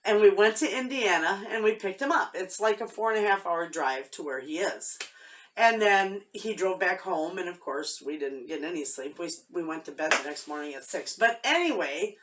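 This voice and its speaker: A woman's voice: fairly low pitch, expressive, normal speed, a bit bright, far from the mic, a little hiss or hum. A woman vlogging from her homestead, telling a story in a heartfelt, rambling way with many restarts. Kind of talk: casual chat to camera.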